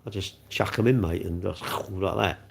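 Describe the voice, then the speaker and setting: Low, husky and fried at the edges, this middle-aged man's voice moves at a moderate pace. He's a livestream host from England with an English accent, rambling chattily and making fun of himself while reading viewers' comments.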